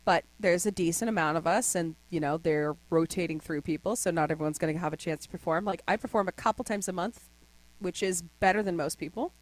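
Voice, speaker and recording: A woman's voice: on the low side, brisk, dry recording. A young adult woman as a podcast guest, telling stories in casual chat and slipping into voices now and then. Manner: animated storyteller, slips into voices.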